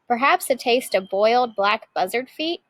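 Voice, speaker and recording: A woman teacher reading a picture book aloud with lively expression. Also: fairly high pitch, normal speed, no room sound, rough recording.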